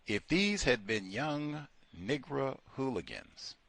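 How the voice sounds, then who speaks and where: Sardonic man, lively voice. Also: medium pitch, slow pace, gravelly, dry recording. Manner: sardonic, switching between mocking voices and asides. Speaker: radio show host. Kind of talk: satirical call-in show monologue.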